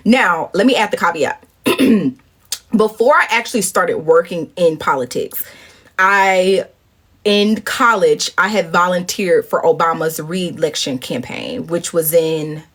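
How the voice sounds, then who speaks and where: A woman in her twenties from St. Louis chatting to viewers on a phone livestream, telling a story in a lively, profane way and calling them y'all and girl. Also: on the low side, moderate pace, slightly rough. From St. Louis, USA. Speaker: livestream host. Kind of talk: casual storytelling chat. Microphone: phone at arm's length.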